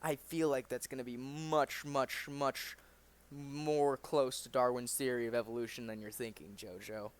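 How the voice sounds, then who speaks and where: A man's voice: mid-range voice, fairly even intonation, measured pace, clean tone. A man hosting a comic reading, tossing in casual, joking, profane asides. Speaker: channel host reading a comic. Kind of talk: casual commentary between reading.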